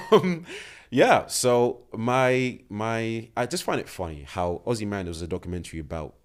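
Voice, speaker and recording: Young guy with a really low voice telling a story on a podcast, acts out the other people, laughs a lot. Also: moderate pace, clean tone. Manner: animated storyteller, acts out quoted lines, laughs often. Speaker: podcast co-host. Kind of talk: casual storytelling chat.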